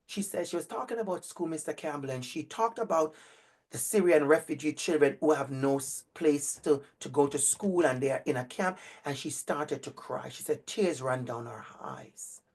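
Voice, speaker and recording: A middle-aged male educator telling a story to an online audience over a video call, animated and emphatic, repeating phrases for effect. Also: fairly high pitch, normal speed. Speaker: educator and speaker.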